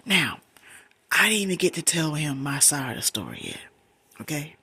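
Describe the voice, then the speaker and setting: A middle-aged woman telling a personal story in a soft, breathy whisper, emphatic and conversational, repeating words for stress. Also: low voice, wildly swooping pitch, normal speed, no room sound.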